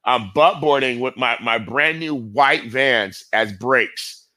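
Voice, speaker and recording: A middle-aged man with a bright, forceful voice, spinning loose stories as an interview guest. He rambles, swears freely and leans on fillers, in a dry, close recording. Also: mid-range voice, slow pace, no echo. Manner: rambling, profane, heavy with fillers. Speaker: guest skateboarder. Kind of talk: casual storytelling interview.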